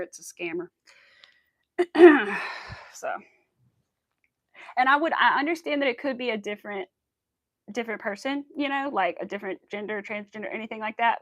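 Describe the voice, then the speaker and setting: A woman's voice: mid-range voice, dry recording. A young woman chatting casually while she crafts, exclaiming often and saying y'all. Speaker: crafting vlogger.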